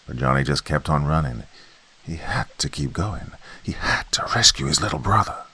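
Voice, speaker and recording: A man tells a horror tale in a very deep, gravelly voice. His delivery is folksy, like a campfire telling, and moves between loud bursts and hushed lines. The tone is husky. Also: expressive, moderate pace. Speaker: horror podcast narrator. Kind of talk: dramatic horror storytelling.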